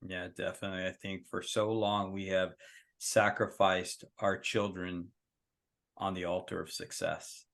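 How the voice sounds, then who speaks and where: A man's voice: deep voice, level tone, measured pace, creaky, a bit bright. A man hosting a podcast, talking in an earnest, emphatic way and telling stories in a casual conversation. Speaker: podcast host.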